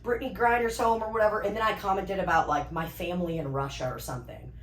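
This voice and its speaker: Low-voiced woman telling stories, roomy sound. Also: animated, quick pace, fairly bright tone. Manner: storytelling, swearing, laughing often. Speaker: podcast co-host. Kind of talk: casual chat. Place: comedy club green room. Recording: roomy room with faint background noise.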